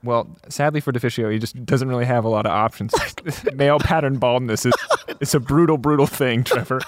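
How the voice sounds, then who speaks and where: A man's voice: mid-range voice, fairly even intonation, fairly quick, dry recording. A man hosting an esports talk show, joking and steering segments in casual desk chat. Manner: joking, leads segments, trails off quietly.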